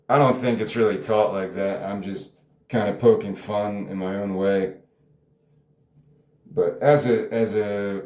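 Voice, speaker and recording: A man with a fairly low voice thinks out loud about his own story, wandering through restarts and side remarks. He chuckles often and swears casually. The sound is roomy, with a noticeable echo. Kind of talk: casual spoken reflection.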